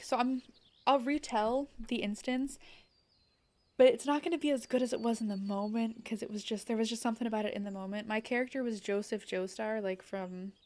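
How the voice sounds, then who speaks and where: Bubbly and rambling, a young adult woman chats on a game live stream, saying "like" constantly and laughing quickly. Her voice is a little high with a darkish tone.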